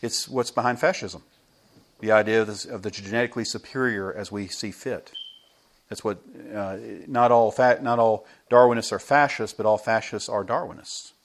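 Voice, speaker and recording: An American pastor preaching a sermon in a church, telling stories with a lively manner and chuckling between his points. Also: lowish voice, normal speed. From United States.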